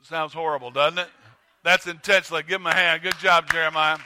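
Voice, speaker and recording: A man preaching a sermon as pastor, conversational and halting with fillers and restarts, rising when he stirs up the congregation. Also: fairly even intonation, very noisy. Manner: rises in pitch and volume when stirring the congregation. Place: church sanctuary.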